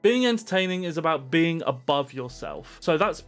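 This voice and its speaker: A man giving streaming advice straight to camera with pumped-up, animated energy. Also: a little high, moderate pace, faint music behind.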